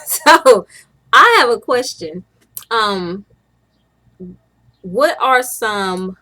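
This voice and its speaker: Chatty young mom rambling to camera. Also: female voice, medium pitch, pushed and bright. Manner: chatty, rambling, with frequent restarts and laughs. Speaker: stay-at-home mom vlogger. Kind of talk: casual chat to camera.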